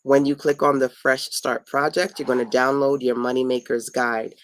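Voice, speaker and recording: A woman's voice: very deep voice, level tone, moderate pace, slight background noise, low-quality recording. A middle-aged woman, tired and playful, casually teaching viewers on a late-night home livestream. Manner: chatty and playful, talks to viewers and family mid-stream. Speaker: online business coach hosting a live stream.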